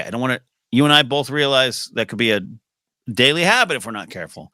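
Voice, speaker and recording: A man's voice: mid-range voice, animated, quick pace, bright, forceful tone, no room sound, studio quality. A man hosting a podcast in casual chat, playful and teasing. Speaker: podcast host.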